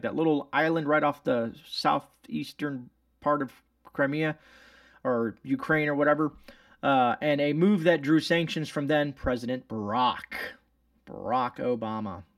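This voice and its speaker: A man's voice: on the high side, moderate pace, no echo, clean studio sound, recorded from a distance. A man hosting his channel, reading news articles aloud and commenting on them in a rambling, sarcastic way with many fillers and restarts. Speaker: channel host.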